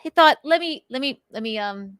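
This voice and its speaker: High-pitched, expressive and a bit bright, a woman host talks at normal speed with a transatlantic accent. She goofily rants about online comments, enunciating crisply and breaking into theatrical outbursts, with the close, dry sound carrying no room sound.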